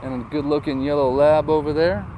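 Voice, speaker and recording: Driving outdoors with a phone camera rolling, a man who vlogs about real estate keeps up chatty, anecdote-filled joking as he tours. His voice is on the high side with fairly even intonation and a slightly quick pace, while wind and traffic noise mark the windy recording.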